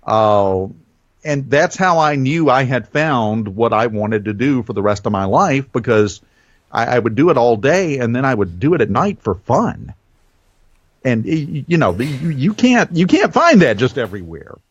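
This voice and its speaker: Man, Southern American accent, radio host, animated, swooping pitch, dry muffled audio. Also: no room sound. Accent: Southern American, softened. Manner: animated storyteller, varies speed and pitch deliberately. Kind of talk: conversational podcast interview.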